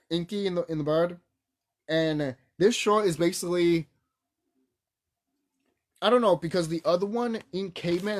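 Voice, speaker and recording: A man giving a casual, unscripted cartoon review, rambling and swearing, with many fillers and restarts and sudden jumps in pitch and loudness. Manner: excitable, big swings in pitch and loudness.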